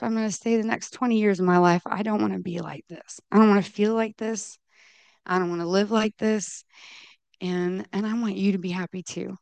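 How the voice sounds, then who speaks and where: A middle-aged woman giving candid personal testimony at a recovery meeting, halting and restarting as she quotes her own self-talk. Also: medium pitch, no echo. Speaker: recovery program member sharing her story.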